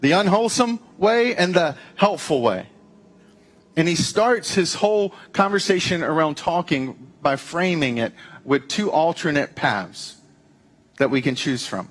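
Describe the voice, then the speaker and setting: Male pastor, sermon, casual and animated delivery, voice a bit on the high side. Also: measured pace. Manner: conversational, animated, with playful asides.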